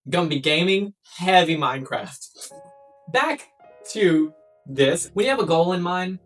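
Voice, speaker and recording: Chatting casually to camera, a young woman shares life tips with blunt playfulness and plenty of swearing. Her voice is on the low side, expressive and unhurried. There's background music, and the mic sits at a distance.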